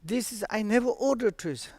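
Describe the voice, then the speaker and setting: A man's voice: sits high, lively intonation, a little fast, a little mellow, no echo, pitched above the performer's own voice. A man voicing a stern, harsh old male spiritual master who scolds in short, abrupt phrases. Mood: scolding.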